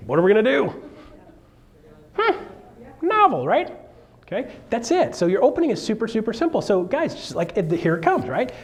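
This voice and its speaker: Man, real estate coach, live seminar, animated, joking, slightly high voice. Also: normal speed, long pauses. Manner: animated, joking, asks the room questions.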